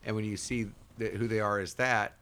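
Rambling low-voiced man, casual guest. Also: a little fast. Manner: rambling, animated, breaks into impressions. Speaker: guest, bartender and bass player. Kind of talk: casual chat.

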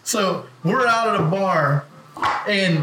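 A man's voice: sits high, slow pace, roomy sound, noisy background. A man on a podcast telling a rambling, profane story in casual chat, laughing along. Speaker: podcast co-host.

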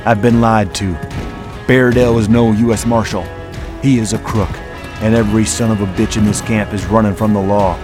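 A grave, formal lawman who chooses each word with care, as a narrator voices him. His delivery is clipped and low. A music bed plays clearly under the reading. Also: fairly even intonation, normal speed, natural voice. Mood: stern. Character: stern formal lawman, adult man.

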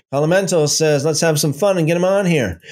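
A man's voice: a little high, lively intonation, measured pace, a little mellow. A man hosting a casual livestream, rambling and taunting, repeating himself as he reads viewer comments. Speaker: livestream host.

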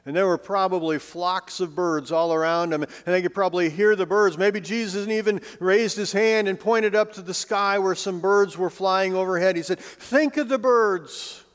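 A man preaching a sermon with a fairly high voice that carries a long reverb, as if he is in a large hall. He is conversational and drops in light, joking asides. He swings between emphatic lines and hushed, soft-spoken ones. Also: fairly even intonation, normal speed, hardly any pauses, clear, resonant tone. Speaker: pastor.

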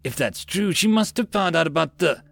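A man's voice: a little high, animated, moderate pace, gravelly, a bit bright, voice pushed up. Snappy bossy lord barking orders, a man putting it on, raised voice. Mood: furious. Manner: curt, commanding. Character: hot-tempered growling male lord. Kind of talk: audiobook character voice.

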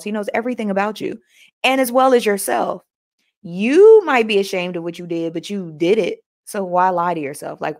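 Speaking with a medium-pitched, darkish voice, a woman hosts a relaxed motivational session. She keeps up folksy chatter with viewers, laughs frequently, and reads passages from a book between their comments.

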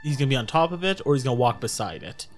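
Man, game master, easygoing narration, mid pitch, faint music behind. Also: very animated, racing.

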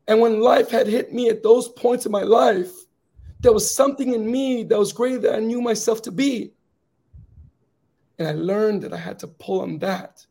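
A man telling his personal story as an interview guest, earnest and grave in the quiet moments, building to rousing encouragement, with a slightly raspy voice. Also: sits high. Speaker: guest speaker.

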